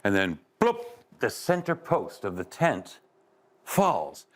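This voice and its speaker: A man telling a story aloud to children, expressive, with sound effects and asides to his listeners. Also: fairly low pitch, slow pace. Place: live event space.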